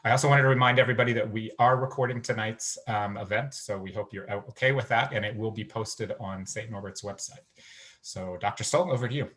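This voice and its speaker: A man gives the opening announcements for a lecture event as its moderator. His voice is fairly low, and he speaks hesitantly, filling pauses with frequent ums. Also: a bit bright.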